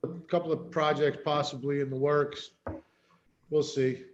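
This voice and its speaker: A man's voice: on the high side, level tone, moderate pace, lo-fi sound, slight background noise. A man, an actor guest, chatting casually in short, plain remarks. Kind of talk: casual chat.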